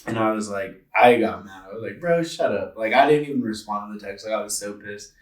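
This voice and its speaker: Twenties guy rambling thru a personal story, low-ish voice, kinda far from the mic in an echoey room. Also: steady tone, fast. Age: 20s. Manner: earnest, rambling with frequent "like" fillers. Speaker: podcast co-host. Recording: roomy sound from away from the mic.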